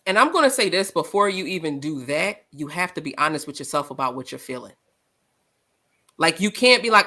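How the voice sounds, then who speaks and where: Loud, passionate woman co-host. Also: lowish voice, normal speed. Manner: animated, storytelling with acted quotes. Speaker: podcast co-host. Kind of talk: live discussion show.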